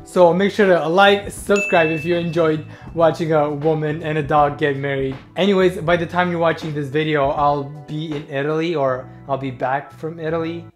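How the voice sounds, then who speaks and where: Young man, sarcastic reaction vlogger, slightly high voice, soft music behind. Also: fairly even intonation, normal speed, hardly any pauses. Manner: joking, sarcastic, talks straight to viewers. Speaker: YouTuber reacting to a TV clip. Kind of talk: casual reaction commentary.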